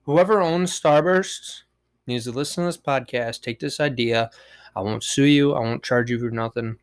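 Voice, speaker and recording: This solo podcast monologue comes from a man with a smooth, medium-pitched voice at a moderate pace. He wanders from topic to topic, cracks jokes and curses freely.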